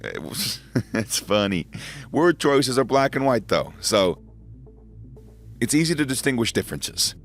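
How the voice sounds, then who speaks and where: A man's voice: medium pitch, very animated, measured pace, long pauses, faint music behind. A man narrating an educational explainer in a conversational way, with small asides and chuckles.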